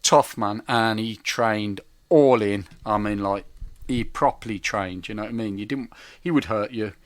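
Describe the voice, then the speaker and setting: A man's voice: fairly low pitch, normal speed, dry recording. A man co-hosting a podcast, chatting casually and telling stories with lots of laughter. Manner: animated, laughing storyteller. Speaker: podcast co-host. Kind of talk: casual chat.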